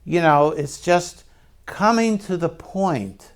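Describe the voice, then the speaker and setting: A man preaching a sermon in a slow, conversational way, asking the congregation questions and speaking candidly about himself. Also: fairly high pitch, animated, clear, resonant tone. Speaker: pastor.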